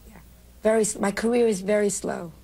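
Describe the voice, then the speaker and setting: Gravelly New woman telling stories. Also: mid-range voice, brisk. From New York. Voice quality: gravelly, husky. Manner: animated storyteller acting out quoted lines. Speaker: comedian interview guest. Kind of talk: television interview recollection.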